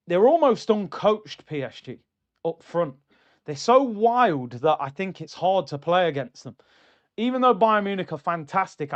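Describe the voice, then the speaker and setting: A young man hosting a football watchalong livestream, chatty and excitable, reading out viewer comments. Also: on the high side, dull audio. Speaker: football streamer host.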